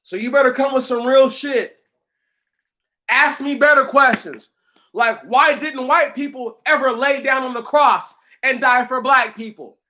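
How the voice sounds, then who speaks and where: A high-pitched man with a bright, cutting tone rants on his own channel. He is profane and confrontational, and he talks at an unhurried, drawn-out pace as he mocks the people in his comments. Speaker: channel host answering commenters. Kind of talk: heated livestream rant.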